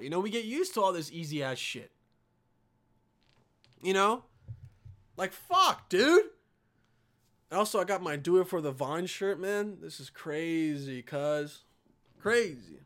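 A young man from Bosnia hosting a casual solo podcast, ranting with lots of swearing and calling listeners dude. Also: high voice. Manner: profane, animated, calls listeners dude and man. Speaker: podcast host.

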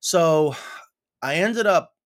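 A middle-aged man from New York State, a podcast guest telling stories in a casual, animated way and acting out the voices he quotes. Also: on the high side, drawn-out words. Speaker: podcast guest, coop builder. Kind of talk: casual storytelling interview.

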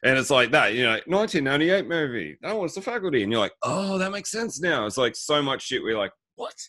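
A man's voice: medium pitch, fast talker. Amused man chatting about a movie. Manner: laughs often, relaxed and amused. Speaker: podcast co-host. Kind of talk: casual movie discussion.

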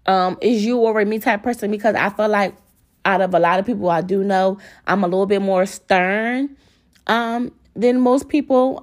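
A young woman talks straight to her listeners in a casual podcast monologue. She is blunt and profane and keeps calling out to "y'all" as she gets heated. Her pitch sits in an ordinary middle range for a woman. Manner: candid, profane, worked up, addresses listeners as y'all. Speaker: podcast host.

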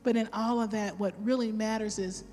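A woman with a fairly high voice preaches a sermon, telling her own story in a lively, personal way and voicing the people she quotes. Her words ring out with a long reverb through a large hall. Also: a little fast.

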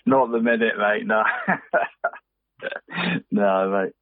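Bloke chatting on a podcast, laughs a lot, mate this mate that, sounds like a phone call, no room at all. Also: male voice, fairly low pitch, fairly even intonation, takes it slowly, no echo. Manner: chatty, laughs often, says "mate" constantly. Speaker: podcast co-host. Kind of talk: casual chat. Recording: tinny phone-like line, dry.

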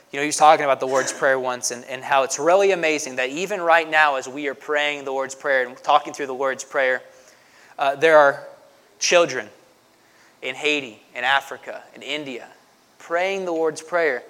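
A man preaching a sermon in a conversational way, often asking "right?" and swelling louder to stress a point. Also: medium pitch. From United States. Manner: conversational preaching, frequent "right?" asides, swells loud for emphasis. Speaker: pastor.

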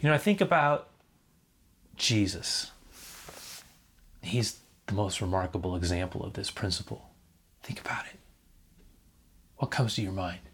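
A man's voice: low voice, animated, normal speed, long pauses, a bit bright, slightly rough. A man preaching a reflective sermon, building to emphatic moments and asking listeners to repeat after him.

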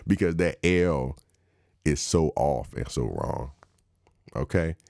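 Very deep, gravelly man ranting wryly. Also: animated, slow, a little mellow, no room sound, studio quality. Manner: wry, drawling, mock-instructive, pitch jumps high for emphasis. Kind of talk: comedic rant monologue.

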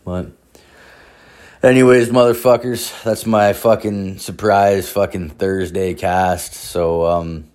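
A man's voice: sits low, fairly even intonation, slow, a little mellow. A man in his thirties hosting a podcast, telling a rambling, profane story full of fillers. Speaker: podcast host. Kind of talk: casual storytelling monologue.

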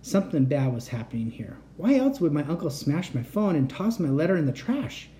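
A storyteller reading a children's chapter book aloud at bedtime. The voice is mellow and warm in tone, and its pitch moves a lot with the story. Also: fairly quick, a little hiss or hum. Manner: animated, expressive reading.

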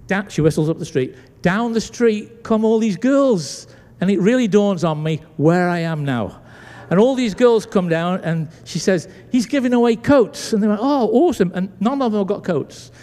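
Pastor, animated storytelling, bit high but mellow voice, big echoey church. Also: male voice, moderate pace, hardly any pauses. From Britain. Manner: animated storyteller acting out dialogue. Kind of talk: sermon storytelling. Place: church sanctuary. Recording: long church hall reverb.

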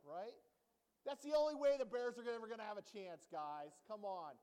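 A male pastor preaching a sermon to a congregation in a church, animated and joking, often checking in with the audience. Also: high voice, moderate pace, clear, resonant tone, big-room sound.

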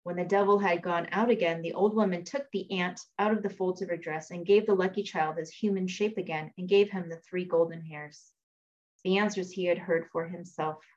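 A woman reading a fairy tale aloud in a measured storytelling manner. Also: fairly low pitch, steady tone. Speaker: reader. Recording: dull lo-fi recording.

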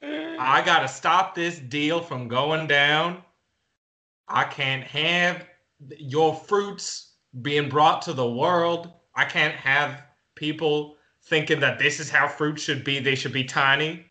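A man's voice: a little high, takes it slowly, bright, forceful tone, heavily acted. A man playing a hot-tempered male fruit farmer with a Southern US drawl in an improv comedy sketch. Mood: scoffing. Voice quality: drawling, indignant.

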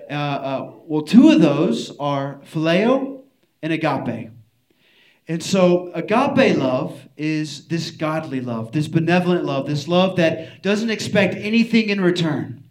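A man preaching a sermon as a missionary from the United States, telling a story with lively acted-out dialogue. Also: on the high side. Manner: animated storytelling, acting out quoted dialogue.

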